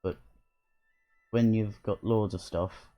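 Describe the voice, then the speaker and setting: A man's voice: lowish voice, fairly even intonation, slow pace, mellow, soft background music. A man voicing a chatty, bossy little male fairy sidekick while reading a game aloud. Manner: lilting, bossy, slangy and matter-of-fact.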